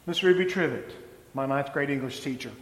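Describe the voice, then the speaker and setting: A pastor preaching a reflective sermon, slowing down for emphatic phrases. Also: male voice, mid-range voice, reverberant, long reverb tail, poor audio.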